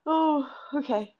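High, slow, giggly young woman. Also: dull audio. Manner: giggly, soft-spoken, teasing. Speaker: podcast co-host. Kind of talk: casual chat.

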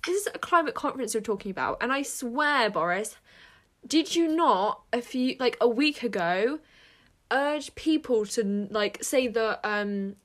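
Young girl cohosting a podcast, kinda high voice, gets loud and excited out of nowhere. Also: unhurried. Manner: animated, with sudden exclamations. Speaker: podcast co-host. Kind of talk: casual chat.

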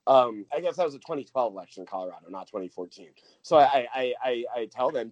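A man's voice: mid-range voice, lively intonation, quick pace, hardly any pauses, no echo, poor audio. A man speaking as a guest from a voter nonprofit, earnest and thinking aloud with lots of fillers and restarts. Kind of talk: casual conversational interview.

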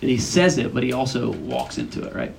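A man's voice: medium pitch, huge pitch swings, fairly quick, vocal fry, darkish tone, slight background noise, low-quality recording. A young man giving a casual, conversational sermon at a college retreat, often asking the listeners questions. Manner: chatty, asks the audience questions.

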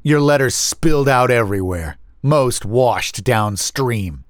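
A man voicing a cold, mocking older brother who speaks flatly and with menace. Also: medium pitch, takes it slowly, no room sound.

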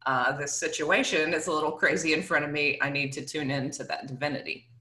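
A woman hosting an interview, her voice bright and a little low, recorded in a noticeably echoey room. She responds in an affirming, reflective way. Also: fairly even intonation, a little fast. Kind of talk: casual interview talk.

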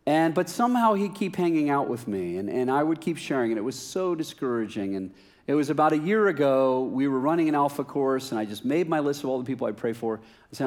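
A middle-aged man delivers a sermon as a lively personal story. His pitch swings widely as he acts out both sides of a conversation, with self-mocking humor. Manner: animated, self-mocking, acts out dialogue with rising laughter. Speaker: preacher.

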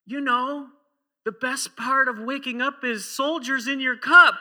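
A man voicing an excited little boy who eagerly brings his father a cup of coffee. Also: very high voice, unhurried, voice pushed up, full character voice. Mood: giddy. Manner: giddy, eager.

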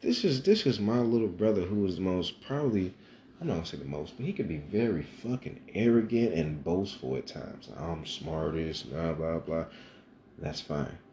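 A man's voice: low voice, expressive, a little fast, warm tone, reverberant, dull audio, a little hiss or hum. A man telling a personal story in casual, profane, rambling talk, growing emphatic.

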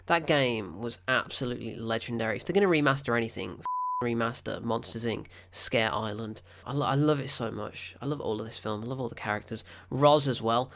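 Young man, film review vlog, gravelly voice, rambling, enthusiastic. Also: mid-range voice, brisk, a bit bright, slight background noise. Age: 20s.

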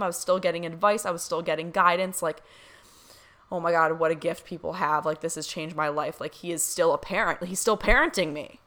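A young woman vlogger telling a story to her viewers in a casual, excited way, with lots of fillers. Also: lowish voice, brisk. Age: young adult. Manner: excited, gushing, many fillers.

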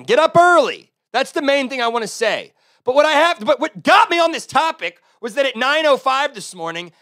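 A Texan-accented man hosts his own solo podcast, ranting casually with heavy swearing and swinging between loud outbursts and low mutters. It's recorded dry at studio quality on a close-talking podcast mic.

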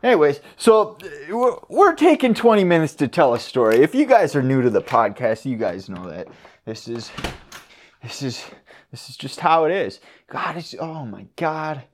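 Animated high-voiced rambling man. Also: moderate pace, slight background noise. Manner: animated, swears, trails off and restarts. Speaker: podcast host. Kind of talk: rambling casual storytelling. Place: in his car, parked then driving. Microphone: handheld audio recorder.

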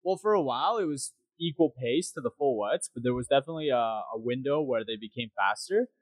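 A man's voice: medium pitch, lively intonation, brisk, no echo. A man co-hosting a casual racing podcast, rambling and jokey, sometimes slipping into silly voices. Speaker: podcast co-host. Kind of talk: casual chat.

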